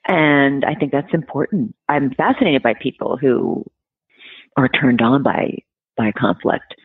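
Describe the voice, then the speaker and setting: Speaking unhurriedly in an extremely low, expressive voice with a breathy edge, the woman, a relationship expert in her forties, talks frankly, bluntly and philosophically in a casual interview. The sound is dry and tinny, like a phone.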